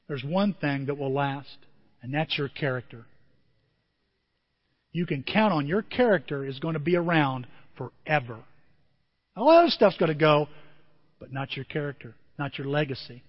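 High-voiced preacher in a reverberant hall. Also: male voice. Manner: animated storytelling with asides to the congregation. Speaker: pastor. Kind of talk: sermon. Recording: dull sound with long hall reverb.

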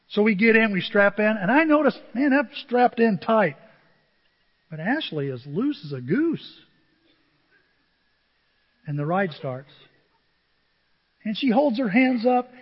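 A middle-aged man preaching a sermon, telling humorous stories with animated asides to the congregation. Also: high voice, unhurried, pauses often, husky. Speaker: pastor. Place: church sanctuary. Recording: dull reverberant church recording.

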